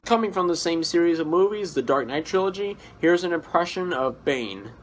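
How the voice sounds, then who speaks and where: A man's voice: on the high side, lively intonation, moderate pace, hardly any pauses, noisy background. A man hosting his own impression showcase, introducing each act in an upbeat announcing tone. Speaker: comedic impressionist.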